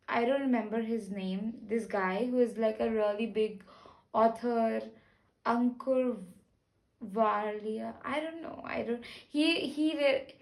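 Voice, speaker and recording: Woman chatting to camera, soft and earnest, kinda rambly, high voice, takes her time. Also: low-quality recording. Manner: rambling, earnest, many restarts. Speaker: spiritual vlogger. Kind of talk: casual personal talk to camera.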